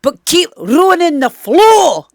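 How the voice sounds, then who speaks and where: A woman's voice: very high voice, big pitch swings, slow pace, gravelly, no echo, studio quality, voice pushed up, exaggerated voice. A woman putting on a playful, exaggerated Scottish accent to voice a chatty Scottish man. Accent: mock Scottish.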